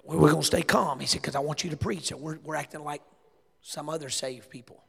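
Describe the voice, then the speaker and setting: A man with a Southern US accent preaching a sermon, telling stories with laughter and rising to shouts. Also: on the high side, steady tone, brisk, vocal fry, husky. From American South. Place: church sanctuary. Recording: long hall reverb.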